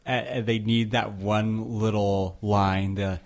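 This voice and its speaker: A man's voice: fairly low pitch, flat delivery, slow, darkish tone. A man co-hosting a casual podcast who jumps in with wry asides and laughs often. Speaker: podcast co-host. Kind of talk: casual recap chat.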